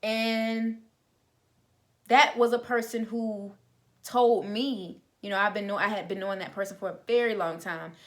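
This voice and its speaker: A woman's voice: mid-range voice, fairly even intonation, unhurried. A young adult woman telling a personal faith testimony in an informal, conversational way, with plenty of fillers. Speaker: vlogger sharing a testimony.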